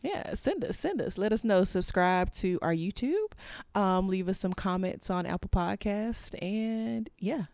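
Animated woman podcast co-host. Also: medium pitch, measured pace, clean tone, no echo. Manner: animated, exclaiming, incredulous. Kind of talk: casual podcast chat. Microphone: podcast microphone.

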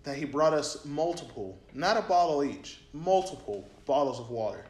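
A man's voice: a little high, animated, moderate pace, a little mellow, slight background noise. A young man co-hosting a podcast, telling a story in casual chat and rambling with many fillers and repeats. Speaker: podcast co-host. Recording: roomy echo.

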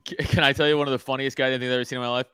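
Bright-voiced man hosting a podcast. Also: mid-range voice, little pitch movement, racing, clear, resonant tone, dry recording. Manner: rambling, laughs often, swears. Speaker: podcast host. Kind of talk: casual podcast banter.

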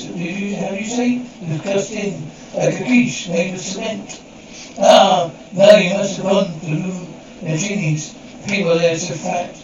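A muffled, distant TV drama scene. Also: male voice, high voice, very echoey. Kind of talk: TV drama audio. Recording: muffled, distant TV audio with crowd noise.

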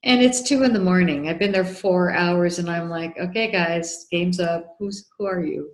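A woman guest on a podcast, telling a story in an animated way and acting out the quoted dialogue. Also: fairly low pitch, normal speed. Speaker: guest, documentary filmmaker. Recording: echoey room.

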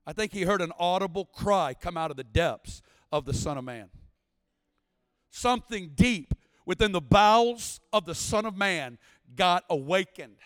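A man preaching a sermon at a church service, impassioned, building to shouts and sing-song cadences. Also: sits high, dry recording, long reverb tail. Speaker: guest preacher.

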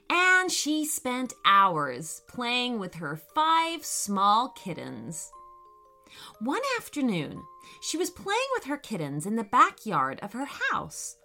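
A woman reading a children's story aloud, slow and expressive. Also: high voice, soft background music. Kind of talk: children's bedtime story narration.

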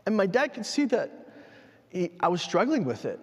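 A man with a high voice preaches a sermon, telling a personal story in a halting, heartfelt way and often restarting his sentences. His voice rings with long reverb in a large hall. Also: sing-song, husky. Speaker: pastor.

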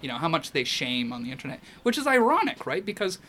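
A man's voice: fairly high pitch, very animated, quick pace, a bit bright, slight background noise. Rambling male photographer telling a story. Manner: rambling, many restarts and fillers. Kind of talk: casual storytelling.

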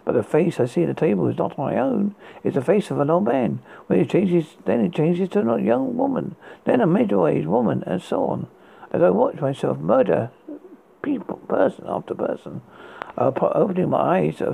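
A man hosting a horror podcast, reading his story in a halting way with restarts, on a tinny lo-fi recording. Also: on the high side, vocal fry, warm tone, breathy edge. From United Kingdom. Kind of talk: read horror story narration. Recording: tinny phone-like lo-fi sound.

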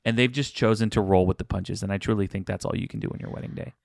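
A young man co-hosting a casual chat, giving easygoing advice in a relaxed way. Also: on the low side, fast, vocal fry, no room sound, studio quality. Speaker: podcast co-host, wedding vendor.

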